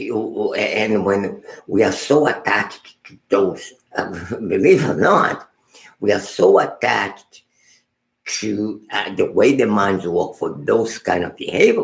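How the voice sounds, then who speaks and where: A man with a low, gravelly voice teaches meditation as a Buddhist teacher, speaking slowly with lots of rise and fall. He halts, repeats words and restarts phrases, often sinking to a soft murmur. The sound is roomy and echoey. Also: lively intonation.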